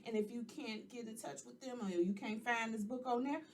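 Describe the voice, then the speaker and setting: A woman in her forties hosting her podcast, talking straight to her listeners in a sassy, animated way. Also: a little high, a little fast, distant mic. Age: 40s. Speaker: podcast host and life coach. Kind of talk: casual podcast monologue.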